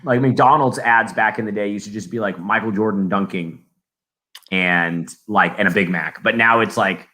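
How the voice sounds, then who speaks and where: A man's voice: on the low side, normal speed, sharp tone. A man co-hosting a podcast in casual chat, telling stories and acting out the people in them. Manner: chatty storyteller, acts out quotes. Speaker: podcast co-host.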